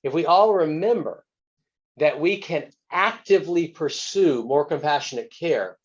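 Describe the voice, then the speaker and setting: A man's voice: on the high side, expressive, measured pace. Guy doctor telling a story from the icu, earnest and plain, dull muffled audio. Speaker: physician guest, author. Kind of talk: telling a story from his work.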